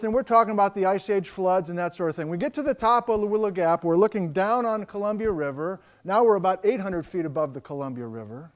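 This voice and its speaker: An American man giving a public geology lecture to a live audience, telling stories and acting out the dialogue. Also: sits high. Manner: animated storyteller, acts out quoted dialogue.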